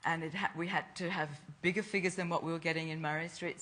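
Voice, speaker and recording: A woman's voice: lowish voice, fairly even intonation, quick pace, fairly bright tone, slight background noise. An older woman, a fashion designer, telling stories from her youth in a casual interview, laughing often. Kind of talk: casual chat.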